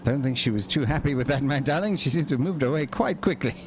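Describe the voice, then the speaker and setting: A man playing a posh, excitable news reporter with a radio-presenter voice, calling his partner "my darling" in a role-play game. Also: mid-range voice, quick pace, slight background noise, natural voice.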